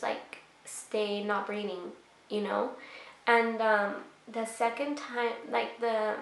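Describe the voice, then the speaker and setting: A woman's voice: a little high, roomy sound. A young woman vlogger telling a personal story in a casual, rambling way, full of fillers. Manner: rambling, many fillers, emotional retelling.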